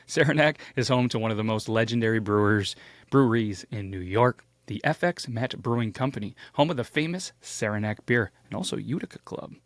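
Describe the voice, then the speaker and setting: A man's voice: fairly low pitch, fairly quick, no echo. A man hosting a casual storytelling show, playful and jokey, with big swoops of emphasis. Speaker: host.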